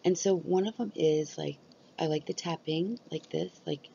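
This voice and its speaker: A woman's voice: low voice, normal speed, creaky, mellow, lo-fi sound, slight background noise. A woman vlogger chatting casually and rambling. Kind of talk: casual chat about ASMR.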